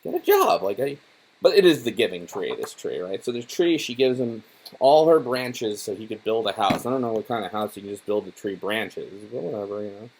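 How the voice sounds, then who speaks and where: A man's voice: on the low side, animated, fairly quick, darkish tone, a little hiss or hum. A young man casually reading through a children's book on camera, mocking it with profane, rambling, sarcastic asides full of fillers. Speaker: YouTuber reviewing a children's book.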